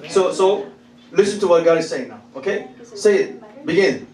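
A man's voice: sits high, lively intonation, moderate pace, darkish tone. A male pastor preaching a sermon, emphatic and repetitive, often laughing and calling on the congregation to answer. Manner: emphatic, repeats phrases, laughs often, calls for replies. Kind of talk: sermon with call-and-response. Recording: echoey church hall, voice from a distance.

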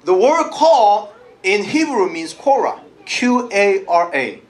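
High-voiced, lively preacher man. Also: slow. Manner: lively, calls out to the congregation and laughs often. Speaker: pastor. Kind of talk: sermon.

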